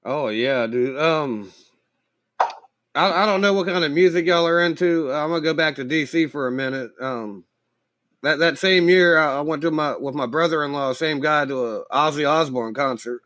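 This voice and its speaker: A man's voice: on the high side, moderate pace, a bit bright, no echo. A man in a casual podcast chat, telling laid-back anecdotes and laughing often.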